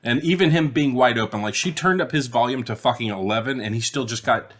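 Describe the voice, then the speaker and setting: A man co-hosting a casual movie podcast, talking in an animated way, swearing often and slipping into quick impressions of movie lines. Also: mid-range voice. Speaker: podcast co-host; father of a young child.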